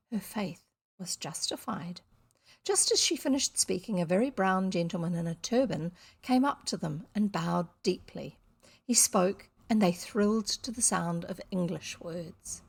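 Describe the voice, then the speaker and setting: A woman reads a classic children's novel aloud to camera, seated indoors. She stops often for chatty, self-deprecating asides, in a voice of middle pitch. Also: moderate pace, creaky. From New Zealand. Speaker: audiobook reader on video.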